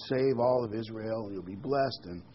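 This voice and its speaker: A middle-aged or older man preaches a casual sermon, reading scripture and thinking aloud in a rambling, conversational way full of ums and restarts. His voice sits on the low side with a breathy edge, and he speaks at a moderate pace. The recording sounds muffled.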